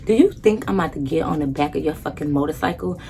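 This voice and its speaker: Animated woman telling a storytime. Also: low-pitched, fast talker, gravelly. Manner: animated, emphatic, blunt with heavy swearing. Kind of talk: casual storytime.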